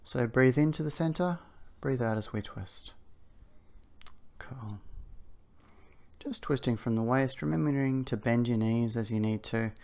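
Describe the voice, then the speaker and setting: A man leading an outdoor exercise warm-up, talking through the moves with chatty asides. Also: mid-range voice, measured pace, gravelly, long pauses. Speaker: exercise instructor. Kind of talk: guided warm-up instruction. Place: outdoors on a windy day.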